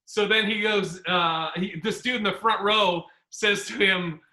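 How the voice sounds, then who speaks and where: A man hosting a podcast, telling comedy road stories in a rambling, animated way and acting out the people he quotes. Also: high-pitched, unhurried. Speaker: podcast host. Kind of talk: casual storytelling chat. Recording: roomy echo.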